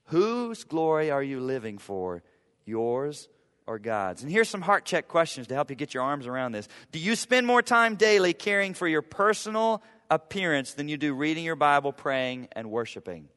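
Man, pastor, sermon, conversational and emphatic, slightly high voice, long hall reverb. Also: expressive, normal speed, fairly bright tone, clear, resonant tone. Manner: conversational, emphatic preaching with humor and repetition. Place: church sanctuary.

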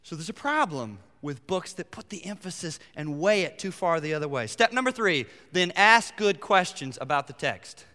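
A middle-aged man preaching a sermon as pastor, emphatic, rising to near-shouts on his key points. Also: fairly high pitch, lively intonation, normal speed, hardly any pauses. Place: church sanctuary. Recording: long hall reverb.

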